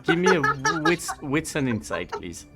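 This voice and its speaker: A man runs a tabletop game as game master, narrating playfully and laughing along with the players. His pitch is lively and varied, with faint music underneath. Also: normal speed.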